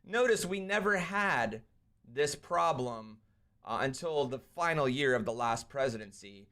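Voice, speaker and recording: A young man hosting a live stream, ranting and commenting on a clip, swinging between loud outbursts and quieter asides. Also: medium pitch, lively intonation, a little slow. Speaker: streamer host.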